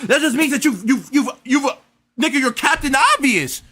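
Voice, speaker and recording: A man's voice: very high voice, animated, moderate pace, sharp tone, slightly rough. A young man reacting to a video in casual commentary, incredulous and stammering through restarts.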